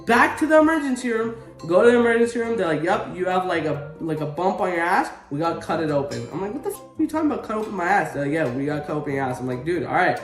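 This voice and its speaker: A young man tells a story straight to his viewers, slangy and animated, his voice jumping up when he gets worked up. His voice sits a little high for a man, and it bounces around an echoey room with faint music playing under it. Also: fast talker, hardly any pauses. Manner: animated, swearing, rising to exclaims when retelling pain. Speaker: vlogger. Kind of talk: casual storytelling to camera.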